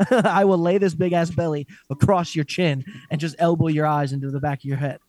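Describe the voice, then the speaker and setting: A man's voice: a little high, a little fast, dry recording. A young man co-hosting a casual fight-talk podcast, swearing freely and laughing often as he chats. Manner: profane, animated, laughs often. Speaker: podcast co-host. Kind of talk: casual chat.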